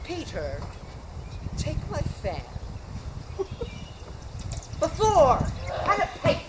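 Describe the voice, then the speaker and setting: A woman playing a garrulous, bawdy old nurse in a live stage play groans, teases and drags her words out slowly. Her voice is high and swings widely up and down. A steady hum of background noise runs under the recording. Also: full character voice. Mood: teasing. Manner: teasing, groaning and laughing, drawn-out. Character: garrulous older female nurse, bawdy and complaining.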